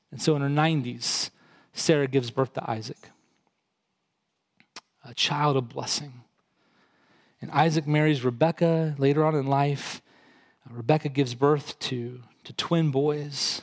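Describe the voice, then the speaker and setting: A male pastor with a steady tone preaches at a measured pace, leaving long pauses. He explains scripture conversationally, rising in pitch and intensity when he quotes and emphasizes.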